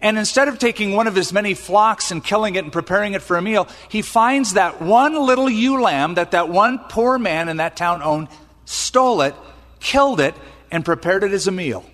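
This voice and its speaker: An earnest prophet spins a sad parable, stretching out key words with care, as a preacher acts him out. His voice sits raised and bright above the room. A long hall reverb trails every phrase. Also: sits high, moderate pace, voice pushed up. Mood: pleading. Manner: storytelling, emphatic and drawn out.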